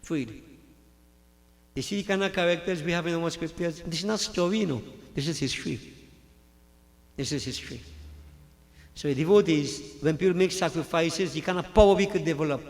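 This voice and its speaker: Male pandit, high voice, storytelling sermon, hall reverb. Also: fast, hardly any pauses. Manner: dramatic storyteller acting out scripture characters. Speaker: pandit preacher. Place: large hall at a religious gathering.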